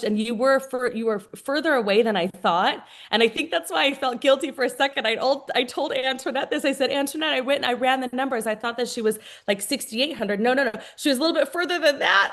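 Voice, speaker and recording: Effusive woman praising her team. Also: fairly high pitch. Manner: effusive, chatty, many fillers and restarts. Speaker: team leader of a sales business. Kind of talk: congratulatory talk on a group video call. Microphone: video call.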